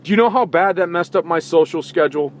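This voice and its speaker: A man's voice: on the high side, fast talker, a little hiss or hum. A man hosting a sports talk show, giving an impassioned opinion monologue full of indignant rhetorical questions, recorded in a vehicle.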